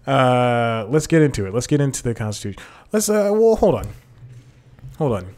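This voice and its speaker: With lively intonation and a darkish, mid-range voice, a solo podcast host talks at normal speed into his desk mic, headphones on. His chat is loose and rambling, full of chuckled asides and repeated self-corrections.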